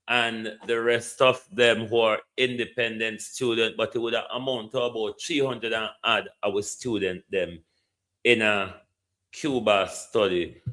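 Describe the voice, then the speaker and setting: A man's voice: on the low side, fairly bright tone. A Jamaican man hosting a commentary show, making impassioned appeals to the government and answering listeners. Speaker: host.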